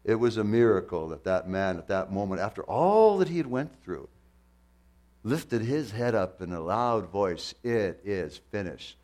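A man's voice: on the low side, sing-song, moderate pace. A man preaching a sermon with passion, firing rhetorical questions and repeating phrases for emphasis. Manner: impassioned, swings from loud to hushed, rhetorical questions, repetition.

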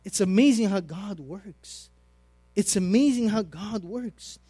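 Slow-paced and husky, with a voice that sits high, a middle-aged preacher recounts a personal story in his sermon, using repetition and dramatic shifts from loud to soft. The recording has no echo.

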